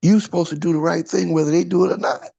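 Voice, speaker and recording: A man's voice: fairly high pitch, steady tone, fast talker, vocal fry, dark tone, dull audio. A man giving an informal sermon, throwing out rhetorical questions and checking in with his listeners. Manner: conversational, asks "huh?" often, rhetorical questions. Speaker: preacher.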